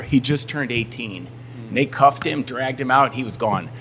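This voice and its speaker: A man's voice: mid-range voice, normal speed, a little hiss or hum. A man in a casual podcast chat, telling a story and acting out the other people in it. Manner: animated storyteller, acts out other people's lines. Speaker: touring band musician, guest.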